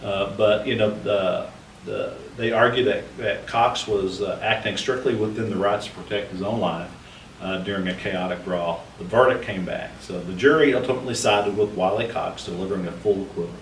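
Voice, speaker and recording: At a moderate pace, a lowish-voiced man, a podcast co-host and history researcher, chats casually about the Old West. He leans on fillers and frequently starts over, and a distant mic gives the recording a roomy sound with faint noise.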